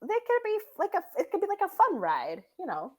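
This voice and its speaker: A woman's voice: very high-pitched, huge pitch swings, fairly quick. A woman playing a tabletop game over a video call, bantering playfully. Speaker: player.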